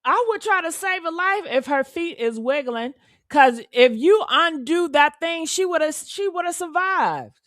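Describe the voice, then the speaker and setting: A woman hosting a live true crime reaction chat, talking in an emphatic, animated way and swearing freely. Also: extremely high pitch, a little slow, no room sound, clean studio sound. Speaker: host.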